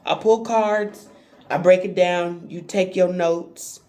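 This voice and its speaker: A woman tarot reader chatting on a live stream, animated and playful, talking straight to her viewers. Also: on the low side, slow pace. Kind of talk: live-stream spiritual reading chat.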